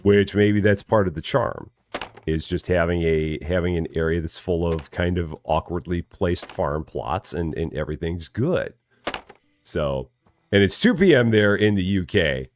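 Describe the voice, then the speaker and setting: Deep-voiced chatty man streaming a game. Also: lively intonation, unhurried, slight background noise. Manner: chatty, greets viewers by name, repeats himself. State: still waking up, early morning. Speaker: live streamer playing a farming game. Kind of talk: casual live-stream commentary.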